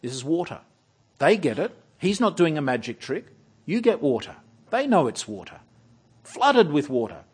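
Aussie preacher guy, high voice, lively and mocking, goes loud then real quiet. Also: normal speed, breathy edge. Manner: animated, mocking, dramatic swings between loud and hushed. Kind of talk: expository sermon.

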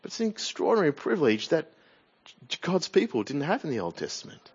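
Man, Australian accent, preacher, sermon, slightly high voice, muffled church recording. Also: sing-song, fairly quick, breathy edge. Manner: expository, asks the congregation questions.

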